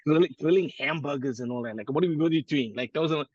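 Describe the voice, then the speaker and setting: A South African man with a husky, slightly higher voice chats and jokes casually on a podcast. His recording sounds dull and lo-fi, with a dry, close feel. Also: fast, a little mellow, dry recording. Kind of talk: casual chat.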